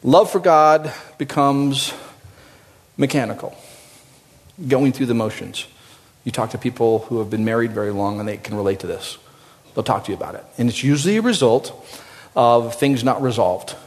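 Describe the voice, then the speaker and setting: A male pastor preaching a sermon in an animated, conversational way, swinging from loud, high emphasis to low, quiet asides. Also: moderate pace, long pauses. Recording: long reverb of a large hall.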